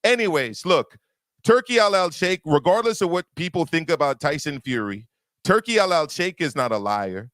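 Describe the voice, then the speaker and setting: A man debating boxing on a panel, his voice sitting a little high and recorded close and dry. He is emphatic and argumentative, and he stacks repeated words when he wants to make a point stick. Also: lively intonation, normal speed, a bit bright, no room sound.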